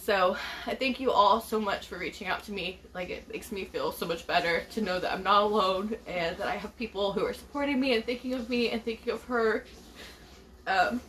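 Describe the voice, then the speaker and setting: A young beauty vlogger talks casually to her followers about her pregnancy, emotional and rambling, often restarting and laughing. Her voice is medium-pitched, fairly quick, and a bit bright, with slight background noise.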